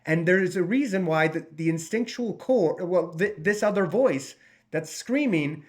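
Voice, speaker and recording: A man's voice: high voice, lively intonation, moderate pace. A man in his forties, talking straight to camera as a recovery coach, blunt and profane, with many restarts. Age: 40s. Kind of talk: casual direct-to-camera talk.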